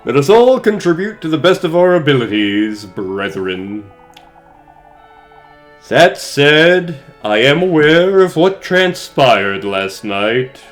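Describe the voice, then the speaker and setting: A let's player voicing a pompous male village priest leading mass, with a solemn, drawn-out delivery over faint game music. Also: mid-range voice. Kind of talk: let's play voice acting.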